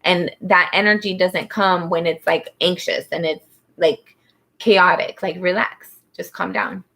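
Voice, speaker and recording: A woman's voice: lowish voice, steady tone, a little slow, vocal fry, a bit bright. A woman giving a casual spoken tarot reading, rambling and soothing, with many fillers as she talks. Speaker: tarot reader.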